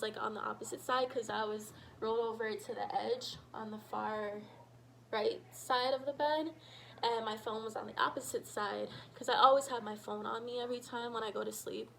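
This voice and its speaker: A woman telling a personal story in a casual vlog, animated and full of fillers, acting out what people said. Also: fairly high pitch, normal speed, creaky, a little hiss or hum, poor audio. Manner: animated, shouts quoted lines, many fillers. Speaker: storytime vlogger.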